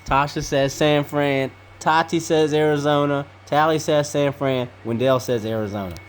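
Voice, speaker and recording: Woman podcast host, deep for a woman, brisk and matter-of-fact, tallies everyone's picks in a casual family chat. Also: steady tone, a little hiss or hum. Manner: brisk, calls on each person and repeats their picks.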